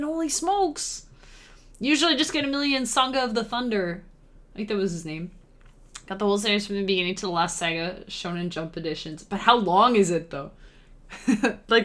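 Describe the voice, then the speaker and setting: A woman with a bright, forceful voice, chatting away on a live stream while she composes chiptune music. She rambles casually, reads her chat out loud and hums little melody ideas as she works. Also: medium pitch.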